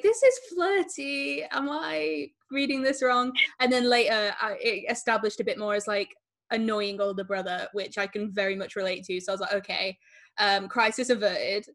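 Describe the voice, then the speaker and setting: A woman talking casually about a film, excited and chatty. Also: medium pitch. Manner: excited, laughing often, chatty.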